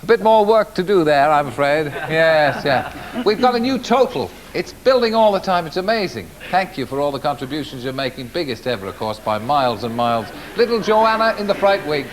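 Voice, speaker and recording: A man hosting a late-night telethon, ribbing his guests with playful mock-posh asides. His voice is a touch high and swings widely in pitch. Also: expressive, brisk. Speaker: telethon host. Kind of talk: teasing live telethon banter. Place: television studio.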